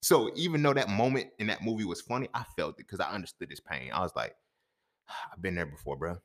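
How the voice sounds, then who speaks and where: Male podcast host, quick, low-pitched voice, vivid monologue storyteller. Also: big pitch swings. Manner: heated, profane street storytelling, swings loud and quiet.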